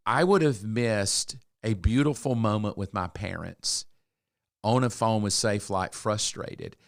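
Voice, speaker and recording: A man's voice: lowish voice, a little slow, dry recording, studio quality. A man, co-hosting a podcast and telling a story, acting out the lines of the people in it. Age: 60s. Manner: animated storyteller, acts out quotes. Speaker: podcast co-host. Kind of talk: casual storytelling chat.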